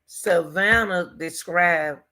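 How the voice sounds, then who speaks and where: With slight background noise behind her, a woman speaks slowly in a lowish, bright, forceful voice while hosting her own stream. Her casual news-case commentary is emphatic, full of repeated phrases and aimed straight at viewers.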